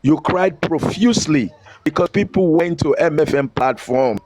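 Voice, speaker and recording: A man's voice: fairly high pitch, normal speed, a little mellow, low-quality recording. A man with a Nigerian accent in a heated rant, scolding and preaching and repeating phrases to drive his point home. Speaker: online commentator.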